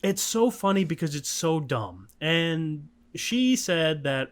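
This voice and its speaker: A man's voice: a little high, very animated, slow, hardly any pauses. A man co-hosting a podcast in loose, casual chat. He rambles through the story with plenty of swearing and filler words, and laughs along the way. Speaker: podcast co-host.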